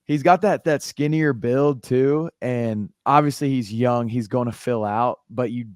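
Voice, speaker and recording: A man's voice: mid-range voice, measured pace, a little mellow, smooth, no room sound, studio quality. A young American man co-hosting a podcast in casual chat, easygoing and joking, trailing off and restarting often. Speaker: podcast co-host.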